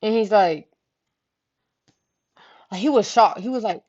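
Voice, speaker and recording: A young woman vlogger telling a story casually, animated, profane and full of slang, acting out the voices of the people in it. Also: mid-range voice, measured pace. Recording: dull lo-fi recording.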